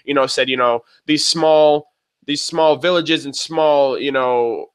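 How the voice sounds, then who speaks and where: A man giving a casual, rambling spoken review of a show episode, excitable and full of fillers and restarts. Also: fairly high pitch, slow, clean tone. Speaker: video reviewer.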